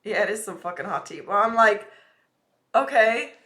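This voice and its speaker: A woman's voice: medium pitch, fast, sharp tone. A young woman streaming live, chatting casually and ranting with a lot of swearing.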